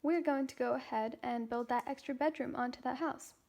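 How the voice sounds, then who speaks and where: A calm, practical storybook mother, as a young woman reads her lines aloud. She speaks gently and plainly, in a high voice, from a children's chapter book read aloud. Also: fairly quick.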